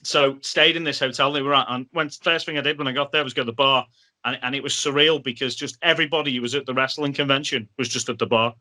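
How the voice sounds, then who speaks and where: Bright-voiced man telling stories. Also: medium pitch, quick pace. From Liverpool, England. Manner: animated storyteller, acts out other people's lines. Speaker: podcast guest. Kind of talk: casual anecdote telling.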